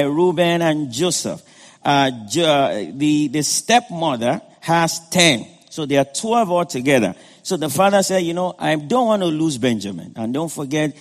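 Male pastor, sermon, conversational retelling, slightly high voice, long hall reverb. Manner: retells scripture in a conversational way, with frequent "you know".

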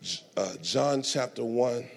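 A pastor preaching a sermon with dramatic delivery, dropping to soft asides and rising to shouts. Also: male voice, mid-range voice, a little slow, gravelly.

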